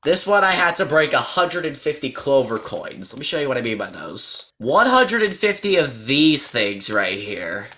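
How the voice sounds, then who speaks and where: A man's voice: mid-range voice, sing-song, moderate pace, few pauses, pushed and bright. A man chatting casually as he walks through a game update, joking around and teasing himself. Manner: joking, chatty, self-mocking. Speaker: gaming YouTuber.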